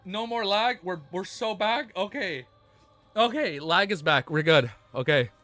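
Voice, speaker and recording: A young man live-streaming, reading a novel aloud and breaking into excited, swearing reactions. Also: sits high, unhurried, soft background music. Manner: excitable, swears, laughs and shouts in reaction to the story.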